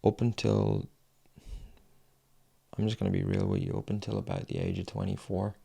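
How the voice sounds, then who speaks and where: A young man telling a painful personal story in a raw, frank way, swearing often and pausing with sighs. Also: low voice, big pitch swings, vocal fry, warm tone, slightly rough. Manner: halting, with long pauses and sighs. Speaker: fitness vlogger.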